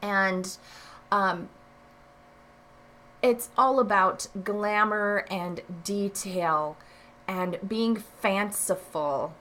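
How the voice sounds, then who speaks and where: A woman's voice: mid-range voice, extremely slow, long pauses, fairly bright tone. A woman art teacher recording a review lesson, explaining each answer and driving points home with short repeated phrases.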